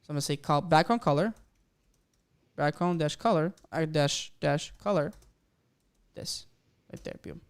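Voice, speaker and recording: A man's voice: fairly high pitch, normal speed, long pauses, smooth. A man teaching web coding on a live stream, talking through each step and cheering on his viewers. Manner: excitable, hypes the audience. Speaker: coding instructor.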